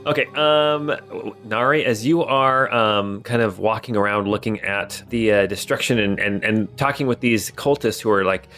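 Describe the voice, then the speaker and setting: Male game master, low voice, loose descriptive narration. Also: moderate pace, a bit bright, faint music behind. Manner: descriptive, loose, many fillers.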